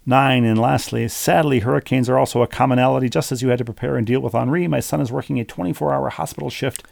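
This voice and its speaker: A man's voice: mid-range voice, fairly even intonation, quick pace, vocal fry, a little mellow, no room sound. A middle-aged man co-hosting a podcast, chatting casually and reading a listener's email aloud in a dry, wordy, playful way. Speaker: podcast co-host.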